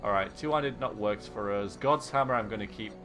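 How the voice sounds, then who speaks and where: A man's voice: fairly low pitch, brisk. A man streaming a video game, chatting casually and joking with his viewers. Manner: chatty, joking, laughs often. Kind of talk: casual live-stream commentary. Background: faint game music.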